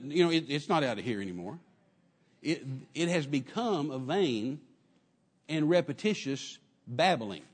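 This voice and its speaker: A man preaching a sermon in an animated way, acting out quotes and dropping at times to a soft murmur. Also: on the high side, in a large hall. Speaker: pastor.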